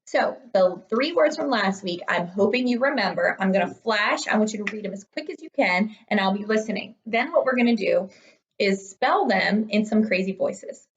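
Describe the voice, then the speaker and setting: A woman's voice: mid-range voice, expressive, moderate pace, dull audio. A young woman teaching third graders in an upbeat, encouraging recorded online lesson. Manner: upbeat, encouraging, talks to children.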